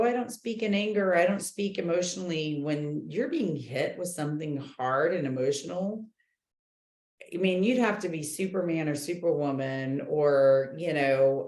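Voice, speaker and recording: A woman coaching a book club group, talking in an animated, chatty way with many fillers. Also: deep voice, echoey room. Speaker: real estate coach leading a book club. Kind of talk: casual group talk, reading and commenting.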